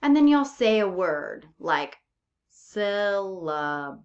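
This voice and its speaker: A woman's voice: mid-range voice, big pitch swings, takes it slowly, highs cut off. A woman teaching an English pronunciation lesson, patiently checking in with "okay?" and "right?" after each point.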